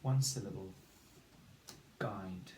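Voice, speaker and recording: A man with a low, warm voice teaches phonics slowly, patiently sounding out letters and words. The room is echoey, with faint background noise.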